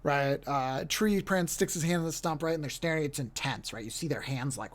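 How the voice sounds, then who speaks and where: A man's voice: on the high side, fairly quick. A man co-hosting a podcast, retelling movie scenes in a loose, joking way with quoted voices. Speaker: podcast co-host. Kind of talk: casual movie recap chat.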